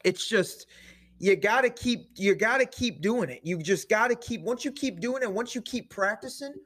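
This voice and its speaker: A man from Indiana, a podcast guest who owns a nutrition shop, telling stories in profane, animated casual chat. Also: high voice, normal speed. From Indiana, USA.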